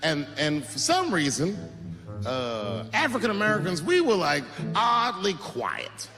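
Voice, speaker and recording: Animated man doing stand-up. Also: sits high, unhurried, in a large hall, music in the background. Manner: animated storytelling, punchy. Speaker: comedian. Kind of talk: stand-up comedy.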